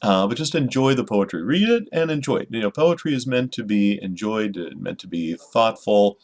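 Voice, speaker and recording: A man's voice: lowish voice, lively intonation, moderate pace, darkish tone. A middle-aged man, a children's poet, giving an informal, friendly lesson to camera, with many fillers and restarts. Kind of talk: informal teaching talk to camera.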